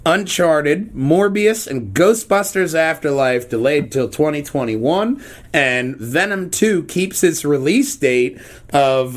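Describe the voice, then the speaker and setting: A man hosting a casual podcast, rambling and joking irreverently. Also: a little high. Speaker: podcast host. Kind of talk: casual chat.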